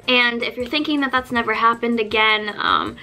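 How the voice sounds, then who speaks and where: A young woman telling a story in a casual vlog, chatty and animated, acting out the people she quotes. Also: a little high, normal speed, music in the background. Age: young adult. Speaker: vlogger.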